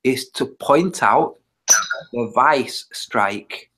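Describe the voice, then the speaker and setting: A man as a guest in a casual online chat, calmly explaining his points. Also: mid-range voice, drawn-out words, husky. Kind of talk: casual chat on a video call.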